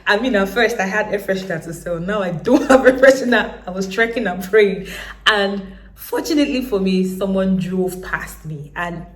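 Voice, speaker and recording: A Nigerian woman in her thirties, telling her own story to camera in a lively way. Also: mid-range voice, normal speed, reverberant. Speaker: business owner.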